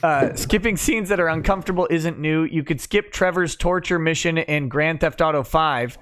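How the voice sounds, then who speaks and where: Brief: male stream host, casual and profane, reads chat messages in a flat run, a touch higher voice. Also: moderate pace. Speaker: livestream host. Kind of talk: casual chat, reading viewer comments aloud.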